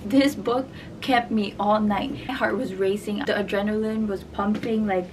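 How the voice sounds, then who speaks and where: A woman's voice: medium pitch, steady tone, measured pace. Young woman, casual vlog chat, gushing, far from the mic, noisy. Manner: chatty, gushing, talks to viewers as friends. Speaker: vlogger. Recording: camera mic from a distance, noisy.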